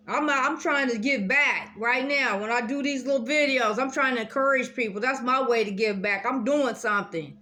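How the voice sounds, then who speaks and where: A woman's voice: fairly high pitch, normal speed, hardly any pauses, sharp tone. A woman reading Bible verses aloud, repeating them and adding earnest, encouraging personal remarks in a casual video. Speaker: Bible study video host.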